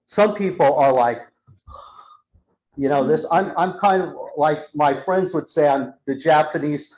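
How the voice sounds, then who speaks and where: A man giving a live talk to an audience, telling an animated story and acting out the dialogue. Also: on the high side, measured pace, low-quality recording. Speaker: speaker. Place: church hall with a live audience.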